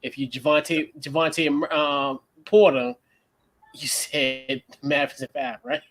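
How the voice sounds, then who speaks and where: Bright, high-voiced male podcast host. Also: slow. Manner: playful, laughs often. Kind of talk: casual sports chat.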